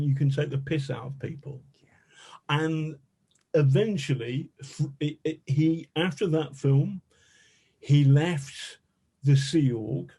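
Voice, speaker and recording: A man, a journalist, telling a lively, self-mocking anecdote as a podcast guest, with a lot of swearing. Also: mid-range voice, slightly rough. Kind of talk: anecdotal storytelling.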